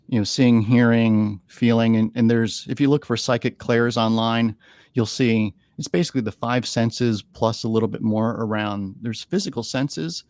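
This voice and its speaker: A man's voice: mid-range voice, gravelly, darkish tone, dry recording. A man talking earnestly on a podcast, telling stories and often repeating words as he gathers his thoughts. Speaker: animal communicator guest. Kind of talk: storytelling interview talk. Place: podcast studio.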